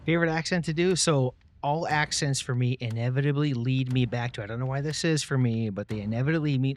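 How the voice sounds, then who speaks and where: A man's voice: medium pitch, fast talker, few pauses, a little hiss or hum. Upbeat man chatting on a podcast. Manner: upbeat, enthusiastic, slangy. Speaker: podcast guest, entrepreneur. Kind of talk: casual chat.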